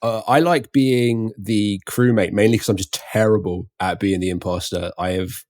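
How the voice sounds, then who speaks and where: Producer type, male, lower voice, halting casual delivery, dry sound. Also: fairly even intonation, a little mellow, no echo. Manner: hesitant, lots of fillers. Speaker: podcast producer. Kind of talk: casual podcast chat.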